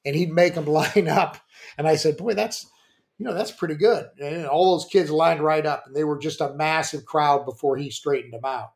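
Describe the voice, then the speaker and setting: An older man, a former pitcher and coach, telling rambling stories on a podcast with plenty of restarts and fillers. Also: steady tone, moderate pace. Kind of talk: casual storytelling.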